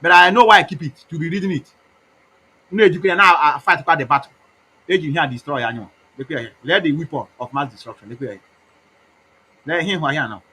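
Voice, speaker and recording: A man with an Igbo Nigerian accent talks on and off in a rambling campaign monologue, preachy and mocking. His voice is husky and a bit raised in pitch, with a bright, sharp edge. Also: racing, low-quality recording. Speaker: activist campaigner.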